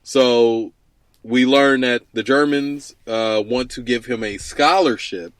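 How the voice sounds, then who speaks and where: A man's voice: medium pitch, takes it slowly, dry recording. Laid-back man, dry close sound. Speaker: co-host. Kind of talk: casual movie recap chat.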